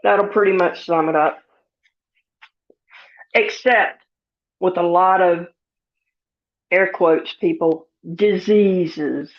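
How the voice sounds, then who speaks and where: A woman chats to her livestream viewers in a slow, folksy drawl, giggling now and then. She sounds a little sniffly. The stream audio is dull and lo-fi. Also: on the low side. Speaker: livestream host. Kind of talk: casual live chat reading comments.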